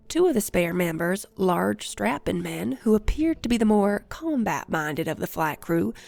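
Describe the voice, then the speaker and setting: A woman reading an action story aloud as narrator in a measured storytelling manner. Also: mid-range voice, vocal fry, darkish tone. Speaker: audiobook narrator. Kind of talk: scripted narration. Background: faint music.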